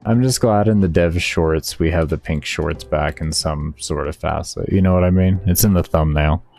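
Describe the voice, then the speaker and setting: Deep-voiced man chatting with his stream. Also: moderate pace, gravelly, darkish tone. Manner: laid-back, slangy, talking to viewers. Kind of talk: casual chat with live chat. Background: faint background music.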